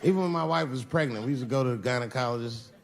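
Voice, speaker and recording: A man's voice: mid-range voice, racing, vocal fry. A man doing stand-up comedy who tells stories conversationally and acts out the other people in them. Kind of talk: stand-up storytelling. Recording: roomy venue with long reverb and noise.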